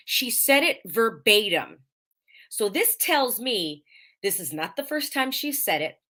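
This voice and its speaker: A woman hosts a casual live-stream monologue, her bright, forward voice leaping up and down in pitch as she tells a story. She repeats key points for emphasis, slips into the voices of the people she quotes, and keeps her diction careful and clear. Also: big pitch swings, measured pace. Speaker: host of a live podcast show.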